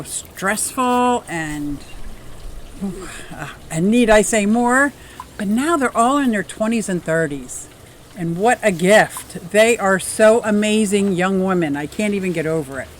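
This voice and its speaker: A bubbly woman in her fifties hosts a casual livestream from her yard, greeting viewers by name. Her pitch sits mid-range and a faint hiss of outdoor noise stays behind her. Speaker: livestream host.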